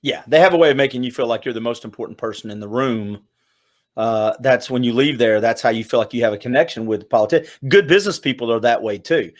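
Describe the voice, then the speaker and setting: A man's voice: medium pitch, quick pace. A man from Southeast Tennessee co-hosting a casual livestream chat over a video call, joking and rambling as he leads the talk. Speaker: podcast co-host. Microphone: home video call setup.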